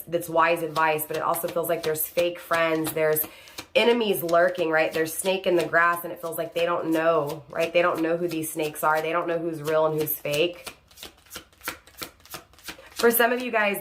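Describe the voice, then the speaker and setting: Tarot reader, woman, lowish voice, keeps asking "right?" while rewording her points, faint card shuffling behind. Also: slight background noise. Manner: repeats "right?" and rephrases each point; addresses the viewer by star sign. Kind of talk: online tarot reading.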